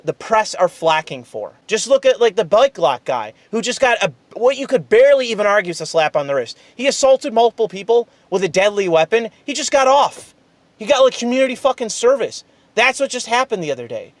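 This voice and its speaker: A man's voice: high-pitched, a bit bright, no room sound. A man hosting his own political commentary video, delivering an angry, heavily profane monologue. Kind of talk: ranting monologue to camera.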